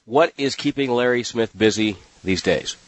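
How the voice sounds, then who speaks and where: A man's voice: medium pitch, normal speed, no echo. Polished male podcast host. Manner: polished broadcaster's delivery. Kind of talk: podcast hosting and interview.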